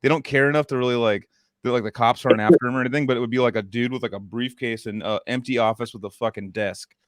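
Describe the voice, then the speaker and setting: Dude hosting a podcast, talks fast, rambly and sweary, dry mic. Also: male voice, mid-range voice, fairly even intonation, no room sound. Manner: rambling storytelling, heavy cursing, many fillers. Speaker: podcast host. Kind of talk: casual chat.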